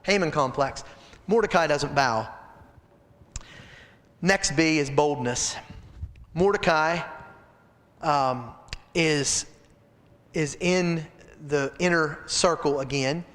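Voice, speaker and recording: High-voiced animated preacher in a reverberant hall. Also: male voice, slow pace, long pauses. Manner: animated storytelling, addresses listeners directly. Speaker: pastor leading a Bible study. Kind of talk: midweek Bible study sermon.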